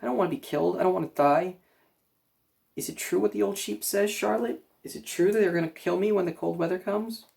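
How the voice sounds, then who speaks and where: A man reading aloud and voicing a young pig who is frightened and pleading, high and panicky. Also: brisk, creaky, darkish tone. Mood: panicked.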